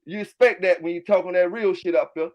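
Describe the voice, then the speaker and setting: A man with a Southern US accent who hosts his own channel about his dog kennel, ranting loudly and with plenty of swearing to his livestream chat. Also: high voice, fast talker, highs cut off. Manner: loud, fired-up, profane, keeps repeating filler tags. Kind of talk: livestream rant answering chat.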